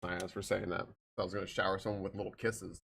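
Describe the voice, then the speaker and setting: A man's voice: deep voice, flat delivery, fast, vocal fry, a bit bright, slight background noise. A man streaming live, chatting casually and greeting viewers by name, with frequent swearing. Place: home streaming room.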